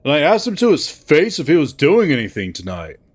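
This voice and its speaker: A man's voice: fairly high pitch, huge pitch swings, fairly quick, slightly rough, heavily acted. A man voicing a young male furry slacker in a visual novel, talking in a sarcastic, drawling, exasperated way. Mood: wry.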